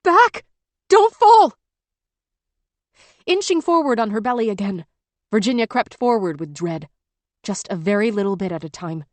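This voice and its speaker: A woman narrating an audiobook in a measured, tense storytelling manner. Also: mid-range voice, a little mellow, no room sound. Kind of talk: scripted narration.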